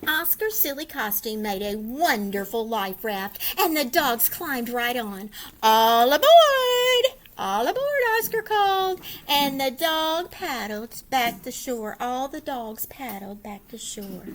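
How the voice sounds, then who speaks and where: A woman's voice: on the high side, slow pace, hardly any pauses, a bit bright, slight background noise, rough recording. A woman reading a children's picture book aloud expressively, asking her listeners questions. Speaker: storyteller.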